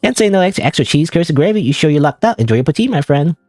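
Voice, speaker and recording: A man voicing a folksy, friendly Canadian lumberjack woman in a put-on Canadian accent, reading a game character's lines aloud with hearty homespun warmth. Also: fairly high pitch, sing-song, rapid-fire, no room sound, pitched above the performer's own voice.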